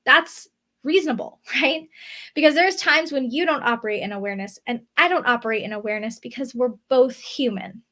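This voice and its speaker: A woman vlogger talking casually to camera from her desk, often checking in with a quick "right?". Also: high voice, fairly bright tone. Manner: chatty, often tags on "right?". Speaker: spiritual vlogger. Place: indoors at a desk.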